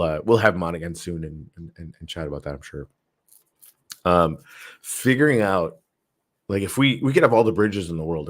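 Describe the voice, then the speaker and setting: A man hosting a casual livestream, rambling with lots of fillers and restarts, reading viewer comments aloud and answering them. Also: deep voice. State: tired. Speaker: show host.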